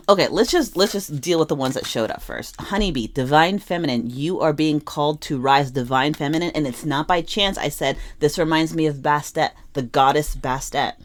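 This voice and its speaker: A young woman with a fairly low voice gives a tarot reading to camera. She goes from quiet muttering over her cards to impassioned, emotional urging. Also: moderate pace. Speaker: tarot reader.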